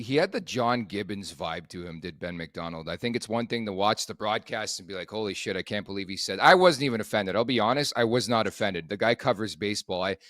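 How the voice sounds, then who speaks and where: A man's voice: lowish voice, a bit bright, no room sound, studio quality. A Canadian man hosting a hockey talk show, chatting bluntly with cursing and laughing asides. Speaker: podcast host. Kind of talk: casual sports chat.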